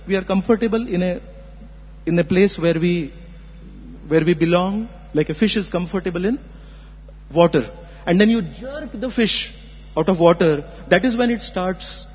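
An earnest man with a high, slightly husky voice gives a spiritual discourse, explaining by asking rhetorical questions. He sounds muffled, with a long reverb trailing each phrase. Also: normal speed. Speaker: spiritual teacher. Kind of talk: philosophical discourse. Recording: muffled hall recording.

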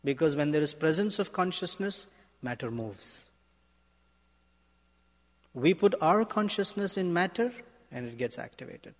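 A male spiritual teacher giving a sermon in a measured, emphatic way, often asking rhetorical questions. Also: a little high, lively intonation. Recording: long hall reverb.

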